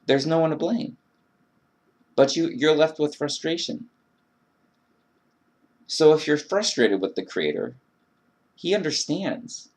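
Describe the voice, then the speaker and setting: A man delivering an earnest, emphatic monologue about faith and frustration, acting out his own prayers. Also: fairly high pitch. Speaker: video blogger. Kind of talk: religious rant monologue.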